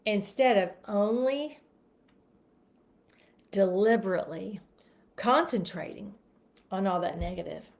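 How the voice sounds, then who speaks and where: A woman's voice: medium pitch, slow, vocal fry, long pauses. A woman giving a motivational self-help talk, emphatic and repetitive, leading listeners through spoken affirmations. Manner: emphatic, repeats phrases and leads spoken affirmations. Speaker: motivational speaker.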